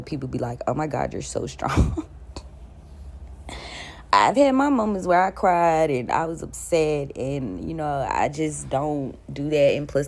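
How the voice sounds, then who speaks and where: A woman's voice: low-pitched, gravelly, a little mellow. A woman in her thirties telling her story in a casual monologue, blunt and profane, laughing between lines. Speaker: spiritual content creator.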